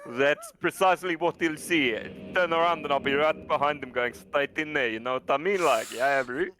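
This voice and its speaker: A man's voice: fairly high pitch, sharp tone. A man putting on a South African accent as a crude, swaggering bloke on a game stream, tacking "eh?" and "my man" onto his lines. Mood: teasing crude. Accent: put-on South African. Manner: bawdy, teasing, drawn-out tags like "eh?" and "my man".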